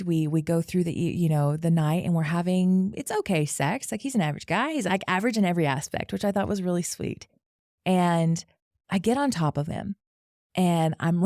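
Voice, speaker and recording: A young woman with a fairly low voice tells a story in frank, casual talk full of swearing and laughter. The sound is close and dry, with no room around it. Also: darkish tone, dry recording. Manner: candid, profane, laughing as she tells it. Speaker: podcast guest.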